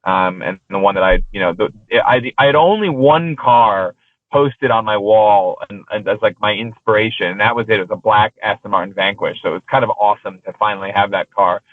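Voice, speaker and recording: A man's voice: lowish voice, brisk, dry recording. A man, a guest on an interview show, telling casual business anecdotes in a rambling way, full of fillers and restarts. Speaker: interview guest, exotic car rental business owner. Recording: tinny phone line, dry.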